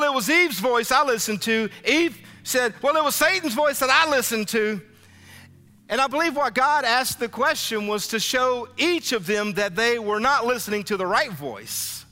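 Male pastor, high bright voice, animated sermon, echoing church hall with faint music. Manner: animated preaching, acts out biblical dialogue. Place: church sanctuary.

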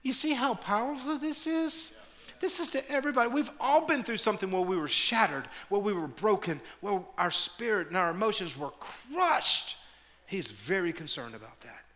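Middle-aged male pastor, high bright voice, animated sermon delivery that drops into hushed prayer, frequent stumbles and repeats. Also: moderate pace. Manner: animated storytelling, repeats words, shifts to quiet prayerful tone.

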